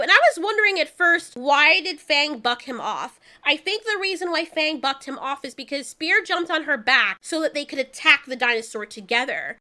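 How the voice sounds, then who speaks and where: A woman reviewing an animated show in casual chat, animated and swearing freely as she acts out the characters' lines. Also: high voice.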